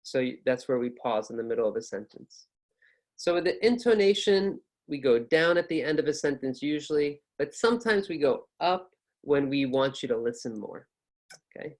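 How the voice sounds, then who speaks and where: A man gives an online pronunciation lesson at a mid-range pitch. He swoops his voice up and down on purpose to demonstrate intonation. He repeats each point patiently and encourages the listener. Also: lively intonation, normal speed. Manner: exaggerates rises and falls to demonstrate intonation. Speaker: English pronunciation teacher.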